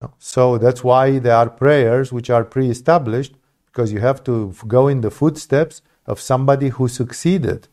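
Guy explaining a bible passage, casual and emphatic, keeps restarting his sentences, middle pitch. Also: normal speed, darkish tone. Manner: emphatic, conversational, often restarts phrases. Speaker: Bible teacher. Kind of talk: informal Bible study lesson.

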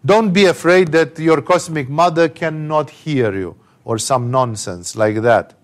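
A man's voice: a little high, measured pace. A man giving a conversational scripture commentary with emphatic rhetorical asides. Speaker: spiritual teacher.

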